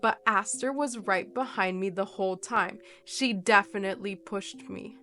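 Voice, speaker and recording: A woman voicing an angry, hurt young man who shouts and sneers as he accuses a friend in a horror story reading. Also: medium pitch, normal speed, soft background music, natural voice. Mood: angry, accusing.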